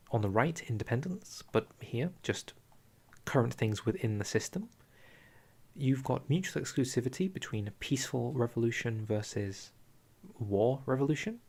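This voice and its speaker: A young man giving casual live-stream commentary on a strategy game, chatty and out of breath, answering viewers with quiet asides. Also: medium pitch. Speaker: streamer reviewing a strategy game dev diary.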